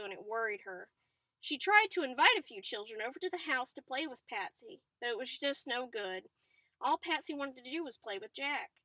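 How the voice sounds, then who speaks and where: A woman reading a novel aloud in a chatty way, stopping now and then for excited asides. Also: a little high, no echo. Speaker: reader.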